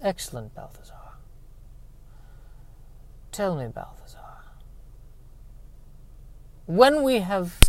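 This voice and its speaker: A man voicing a sinister ruler who gives orders in a hushed, breathy whisper, as a whispered role-play. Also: a little high, a little hiss or hum, exaggerated voice.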